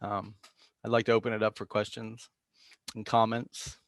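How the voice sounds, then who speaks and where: A man giving a reflective, self-deprecating dharma talk as a Zen teacher, halting with fillers and restarts and coughing now and then. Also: lowish voice, flat delivery, no room sound, studio quality.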